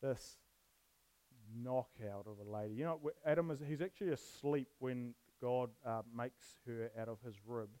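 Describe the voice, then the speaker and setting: A man's voice: mid-range voice, moderate pace, warm tone, rough recording. A man preaching on a Bible passage in a casual, jokey way, often putting questions to his listeners. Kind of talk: casual sermon with questions to the audience.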